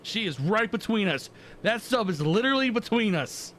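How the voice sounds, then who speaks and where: Man, gaming channel host, casual play-by-play, excitable reactions, higher-pitched voice. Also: normal speed, slight background noise. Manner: excitable, reacting aloud while playing. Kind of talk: casual game commentary.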